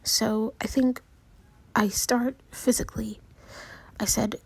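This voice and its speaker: Soft, breathy woman speaking slowly. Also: fairly high pitch, flat delivery, dry recording. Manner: soft, small, hesitant voice, often near a whisper; halting, with many pauses and restarts. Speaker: vlogger. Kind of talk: personal video diary.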